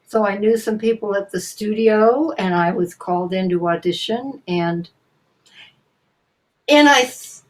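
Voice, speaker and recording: An older woman, a voice actress being interviewed, telling stories in a theatrical, animated way with frequent restarts. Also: mid-range voice. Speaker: guest voice actor. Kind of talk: casual interview storytelling.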